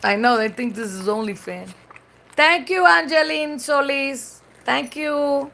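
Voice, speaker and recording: High, gravelly Puerto Rican woman. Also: a little slow, bright, forceful tone. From Puerto Rico. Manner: switches between English and Spanish mid-sentence; blunt and swears freely. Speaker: live streamer. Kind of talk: casual live-stream chat.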